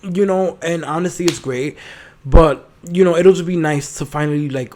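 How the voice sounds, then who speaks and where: A young man in his early twenties hosts his own podcast alone. He talks in a sassy, swear-heavy, animated way and fills his speech with "you know" and "like". His voice sits a bit higher than most men's. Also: moderate pace, slight background noise. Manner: sassy, profane and animated, full of fillers. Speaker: podcast host. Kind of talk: casual solo podcast monologue.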